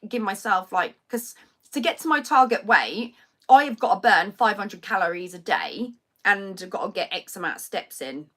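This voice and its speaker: A woman's voice: a little high, bright, forceful tone. A young woman, a singer hosting a live stream, chatting in a rambling, self-mocking way. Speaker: singer and livestream host. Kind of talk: casual chat to a live stream audience.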